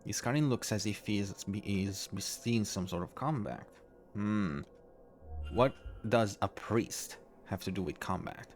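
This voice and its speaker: Halting, low-voiced game streamer. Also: male voice, lively intonation. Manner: halting, many restarts and fillers. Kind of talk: casual gameplay commentary. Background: faint game music.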